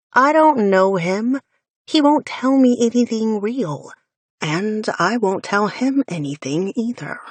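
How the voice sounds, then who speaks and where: A woman's voice: mid-range voice, breathy edge, no room sound. A woman narrating a first-person romance audiobook in an intimate, wry inner-monologue voice, recorded close on a studio mic.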